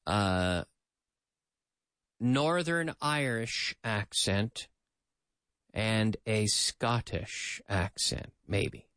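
A man's voice: mid-range voice, fairly bright tone, no echo. A man hosting a chatty radio English lesson, explaining phrases and bantering with a co-host. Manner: chatty, mixes in translated explanations, talks to co-host. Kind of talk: lively radio language lesson.

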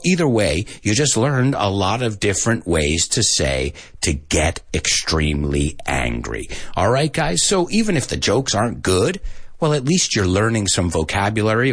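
A man's voice: fairly low pitch, vocal fry, breathy edge, dry recording, clean studio sound. A man hosting a radio show that teaches English, joking with listeners and dropping in Spanish phrases. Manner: playful and jokey, sprinkling in Spanish phrases.

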